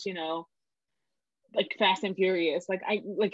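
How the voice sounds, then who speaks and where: A woman's voice: medium pitch, unhurried, slightly rough, dry recording. A woman in her twenties, a podcast guest telling a story in casual chat, acting out dialogue with lots of fillers. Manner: animated, acts out dialogue, many fillers. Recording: dull lo-fi dry recording.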